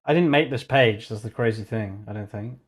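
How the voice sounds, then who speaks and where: A man's voice: on the low side, a little fast, husky. A young man vlogging as he works, thinking aloud and muttering to himself, with casual swearing. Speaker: vlogger coding on stream.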